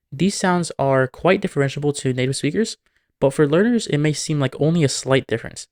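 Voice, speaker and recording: Man calmly explaining language sounds. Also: on the high side, normal speed. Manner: clear, methodical explaining, with example words worked in. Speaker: language video host. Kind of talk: scripted educational narration.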